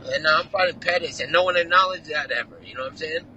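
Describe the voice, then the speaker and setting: A man's voice: on the high side, fast talker, pushed and bright, slight background noise, low-quality recording. A man, a fighter on a remote video call, telling a heated, rambling story full of slang and swearing. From California. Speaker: fighter guest. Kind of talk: casual profane interview talk.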